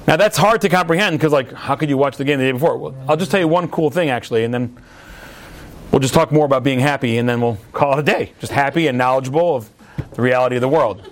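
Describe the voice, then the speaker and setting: A man teaching a class as a rabbi, explaining ideas with lively, acted-out sports stories. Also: medium pitch, quick pace, a little hiss or hum. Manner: lively storyteller, acts out yelling at a TV.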